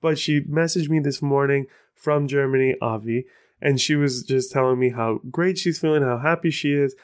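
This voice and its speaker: A man's voice: medium pitch, normal speed, clean tone. Chatty male podcast host. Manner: chatty, rambling, self-deprecating. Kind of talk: casual solo podcast talk.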